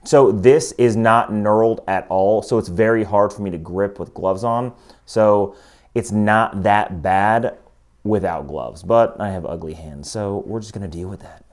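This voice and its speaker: A man with a fairly low voice reviews a watch in a relaxed, chatty way. He explains each feature step by step, with eager enthusiasm. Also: a little slow. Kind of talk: casual product review.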